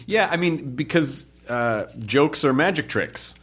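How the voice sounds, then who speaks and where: A man's voice: medium pitch, animated, fairly bright tone. A man hosting a podcast, chatting casually with a comedian and riffing jokes off his stories. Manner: quick, riffing banter that builds jokes on the guest's stories. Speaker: podcast host.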